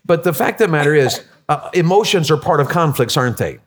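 A man preaching a sermon as pastor, animated and jokey, with many restarts. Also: fairly high pitch, quick pace.

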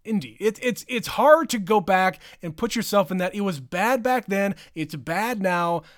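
A man in his thirties co-hosting a podcast, reading listener emails in a joking, playful, drawn-out manner. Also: high voice, animated, no room sound, studio quality. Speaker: podcast co-host.

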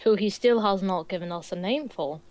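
A woman's voice: medium pitch, normal speed, a little mellow. A woman playing in a tabletop game, chatting casually with crude, joking asides. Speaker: player.

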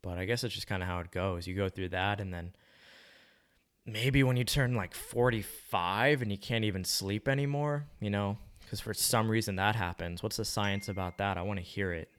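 A young man with a very deep, clear, resonant and slightly bright voice rambles loosely at a normal speed. Laid-back and slangy, he muses aloud and swears casually while drifting from one thought to the next.

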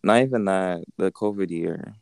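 A man's voice: sits low, moderate pace, gravelly, smooth, dry recording. A young man co-hosting a podcast, speaking hesitantly in a casual chat. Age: young adult. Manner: hesitant, with many ums and restarts. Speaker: podcast co-host.

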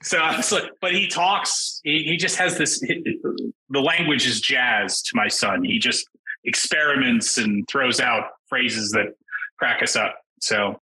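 A man's voice: mid-range voice, takes it slowly, a little hiss or hum, poor audio. A middle-aged man, a game designer, chatting casually as a podcast guest and acting out quotes with sudden jumps in his voice. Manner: animated, acts out quotes in raised voices.

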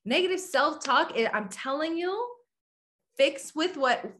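A podcast host with a high, expressive, fairly bright voice gives a casual motivational talk at an unhurried pace. She's candid and blunt, swears casually, and speaks straight to listeners, asking if they agree.

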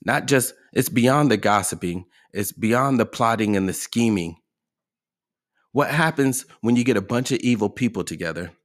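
A man's voice: medium pitch, expressive, moderate pace. A man hosting a motivational podcast, talking emphatically and asking his listeners rhetorical questions. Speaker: podcast host.

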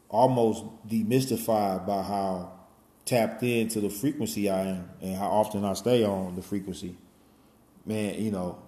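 A man in his forties, with a fairly low, warm voice, goes on at length in an easygoing monologue, rambling and cursing freely. He keeps saying "you know" and "man," and the recording has a roomy sound.

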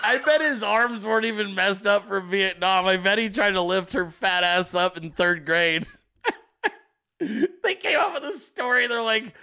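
A male host giving profane comedic political commentary, animated and often laughing. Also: high voice, moderate pace, clear, resonant tone.

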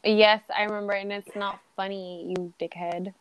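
A woman's voice: medium pitch, little pitch movement, moderate pace, smooth, dry recording, rough recording. A teenage girl chatting casually on a podcast, scolding and teasing her friend, with lots of "like". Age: teens. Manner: scolding, teasing, with many likes. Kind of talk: casual chat.

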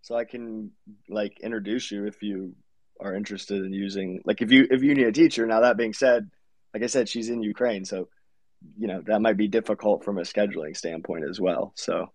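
An easygoing man with a somewhat low voice chats casually, filling his speech with small fillers. The sound is dry, with no room echo. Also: fairly even intonation, normal speed. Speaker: participant in an online audio chat. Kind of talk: casual group conversation.

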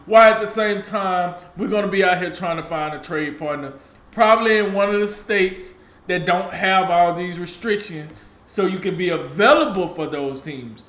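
Animated high-voiced man talking sports. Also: moderate pace, echoey room. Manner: animated, emphatic, colloquial. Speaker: sports talk show co-host. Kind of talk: casual sports talk.

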